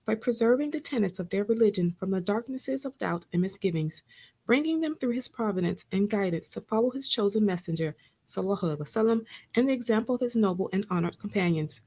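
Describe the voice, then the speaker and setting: A woman's voice: medium pitch, lively intonation, fast, warm tone, poor audio. Woman reading a religious text aloud. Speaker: reader.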